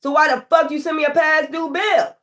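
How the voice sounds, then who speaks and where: Woman, fairly high voice, casual rant, swears a lot, exasperated. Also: brisk. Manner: profane, animated, exasperated storytelling. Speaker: tarot reader.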